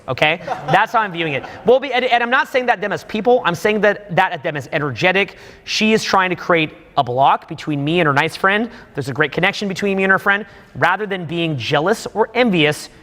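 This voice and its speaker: A man's voice: fairly high pitch, fairly bright tone, big-room sound. A man in his thirties giving emphatic, profane live commentary on video footage for a class of students. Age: 30s. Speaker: dating coach.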